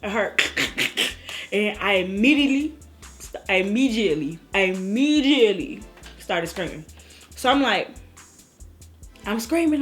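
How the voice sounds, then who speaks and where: A woman's voice: mid-range voice, measured pace, pauses often, faint music behind. A woman vlogger telling a personal story in a casual way, acting out her own cries and other people's lines. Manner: animated, acts out her own cries and quotes.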